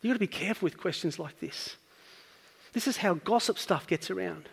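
A man's voice: high-pitched, lively intonation, a little fast, creaky, husky, big-room sound. A man preaching a sermon, earnestly teaching and building up to emphatic points.

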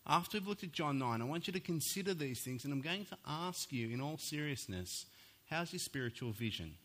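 Man, pastor, sermon storytelling, bright voice, very lively pitch. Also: fairly quick. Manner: animated storytelling, acts out voices.

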